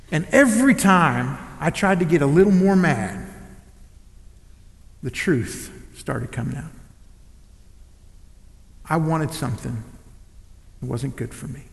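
A man in his thirties preaching a sermon in a church, telling a personal story and moving from loud to hushed delivery. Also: a little high, slow pace, vocal fry, pauses often. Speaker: pastor. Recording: echoey hall with long reverb.

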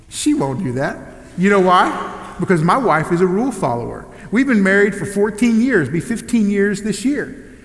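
A high-voiced man preaches with a gravelly edge to his voice. He swings between loud bursts and hushed, close passages. His voice rings through a large hall with long reverb. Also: very animated, moderate pace. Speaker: pastor. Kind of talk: sermon with personal story and prayer.

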